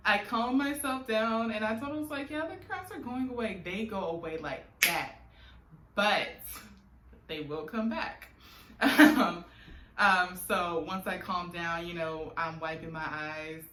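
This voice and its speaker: A woman's voice: fairly low pitch, slow, bright, forceful tone. A young adult woman telling a personal story in a vlog, candid and emotional, often laughing, with many fillers. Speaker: vlogger. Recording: echoey room with faint background noise.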